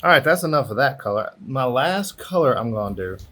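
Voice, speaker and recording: A man's voice: mid-range voice, animated, fairly quick, fairly bright tone. A man giving a casual craft tutorial on an outdoor patio, chatty and encouraging, thinking aloud as he works, recorded on a camera microphone. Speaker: airbrush artist teaching a craft.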